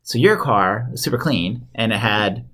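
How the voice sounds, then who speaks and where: A man's voice: lowish voice, expressive, normal speed, bright, forceful tone, breathy edge. A man in his thirties hosting a casual chat, telling rambling stories and laughing often.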